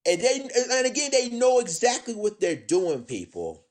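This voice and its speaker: A man giving indignant live-stream commentary, addressing his audience as ladies and gentlemen, often repeating himself. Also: sits high, huge pitch swings, normal speed. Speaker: commentator on current events.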